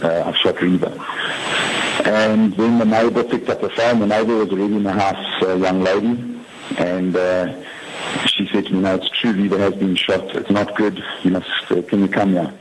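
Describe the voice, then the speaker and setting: A man giving an interview account as a friend, hesitant and full of pauses. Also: deep voice, little pitch movement. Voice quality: hesitant, many uh fillers. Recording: noisy recorded interview audio.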